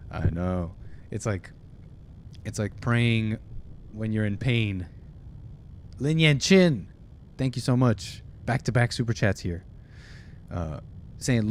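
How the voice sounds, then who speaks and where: A man's voice: fairly low pitch, lively intonation, unhurried, pauses often, a little mellow, slight background noise. A man hosting a livestream, reading viewer messages aloud and joking his way through a mock airline-pilot bit in casual, playful banter. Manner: playful, mock-announcer patter.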